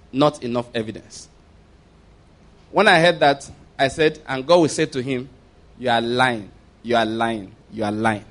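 A man preaching a sermon, reading scripture slowly and stressing key words, often checking that his listeners follow. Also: on the high side. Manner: asks listeners to follow along.

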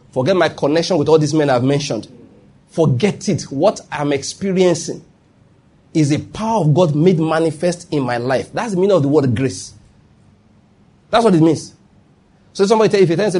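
A man with a Nigerian accent delivers a sermon in a husky voice pitched a little high. He drives points home by repeating them and asking rhetorical questions. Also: fairly quick, a little mellow. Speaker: pastor.

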